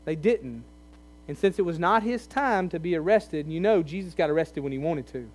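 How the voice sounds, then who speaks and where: A man with a high voice preaches, talking through the scripture like a conversation. He leans in hard on key lines, pleading with his listeners. A faint electrical hum sits under the recording. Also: expressive, normal speed, a little mellow. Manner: conversational, emphatic, pleading in places. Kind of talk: sermon.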